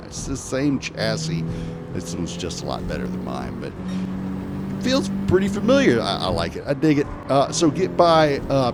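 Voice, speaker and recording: A man's voice: mid-range voice, heavy background noise. A man giving casual, joking commentary over racing game footage. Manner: chatty, joking, lively. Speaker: gaming video host.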